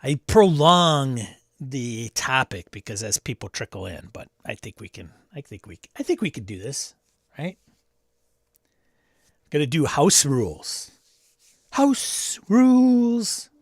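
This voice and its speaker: A man's voice: medium pitch, big pitch swings, a little slow, fairly bright tone, slightly rough, dry recording, studio quality. A man hosting a casual live-stream chat about tabletop games, greeting viewers by name, reading chat aloud and adding snarky asides. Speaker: livestream host.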